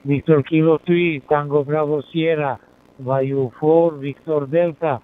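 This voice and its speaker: A man's voice: on the high side, steady tone, unhurried. A man from Serbia, formally spelling call signs during a radio contact. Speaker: amateur radio operator. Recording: narrow-band two-way radio audio.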